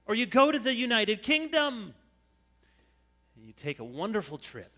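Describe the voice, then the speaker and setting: Animated preacher in a reverberant church. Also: male voice, normal speed. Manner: animated preaching with high whiny voices for complainers. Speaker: pastor. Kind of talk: sermon. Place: church sanctuary. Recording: long church hall reverb.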